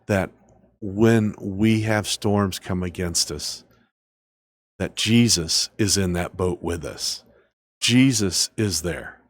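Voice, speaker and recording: Guy preaching on his podcast, lowish voice, dry close sound, keeps repeating himself and throwing out questions. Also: dry recording. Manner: emphatic, repeats lines and asks rhetorical questions. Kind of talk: preaching sermon.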